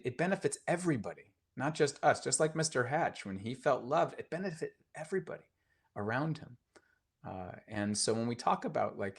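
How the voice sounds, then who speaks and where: A man teaching mindfulness on a live stream, telling a story casually with many fillers and restarts, earnest and gently encouraging. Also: mid-range voice.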